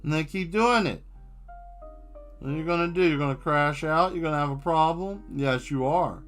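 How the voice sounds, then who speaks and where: Bright-voiced man riffing jokes on stream. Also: on the high side, moderate pace, soft background music. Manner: rambling, joking riffs. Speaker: streaming artist. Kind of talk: live-stream chat while drawing.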